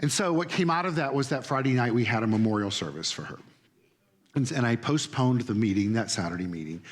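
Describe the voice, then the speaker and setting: Guy preaching casual sermon, storytelling, chatty, mid pitch voice. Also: fairly quick. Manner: animated, conversational, acts out quoted voices. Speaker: minister. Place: church sanctuary.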